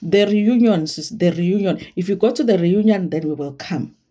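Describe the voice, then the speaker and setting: A woman's voice: on the low side, normal speed, warm tone, lightly acted. A woman with a South African accent voicing personified tears that stubbornly refuse to fall, in a teasing sing-song.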